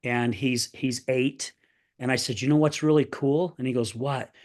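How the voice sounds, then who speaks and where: A man's voice: mid-range voice, normal speed. A man in his sixties, a podcast guest, talking in an earnest, upbeat way and often tagging sentences with "right?". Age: 60s. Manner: earnest, upbeat, repeats "right?" and "I tell you what"; plays other people's voices in animated retellings. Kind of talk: candid interview talk.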